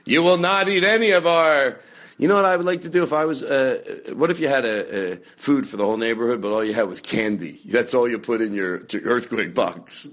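Male comedy podcast host, mid-pitched, rambling and chatty, with sudden mock-angry, profane outbursts. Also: a little fast. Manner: loud jokey bursts of mock anger, frequent swearing; chatty, with many fillers and restarts.

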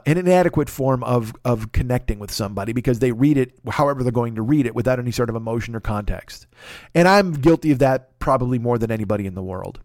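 Brief: male podcast host, lively comic storyteller, swears freely, dry close sound. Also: medium pitch, no echo. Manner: animated, profane, self-deprecating. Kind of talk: comedic storytelling monologue.

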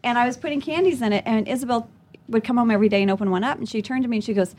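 A woman from Louisiana, a guest on a comedy talk show, telling stories in a lively chatty way and acting out the people she quotes. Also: on the high side, very fast. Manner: animated storyteller, acts out quoted voices. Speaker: podcast guest. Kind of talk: casual chat.

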